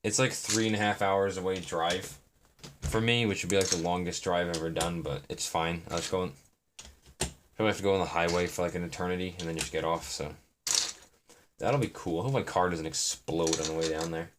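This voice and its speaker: A man's voice: deep voice, fairly even intonation, brisk. A young man chatting in a meandering, self-deprecating way on a live stream while he builds. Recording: noisy, with keyboard and brick clicks.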